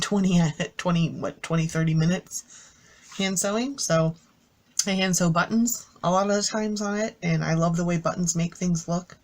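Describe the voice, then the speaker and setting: A woman casually walking viewers through a handmade craft journal, chatty and enthusiastic, rambling with fillers and self-corrections. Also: low-pitched. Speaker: craft YouTuber. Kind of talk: casual show-and-tell craft walkthrough.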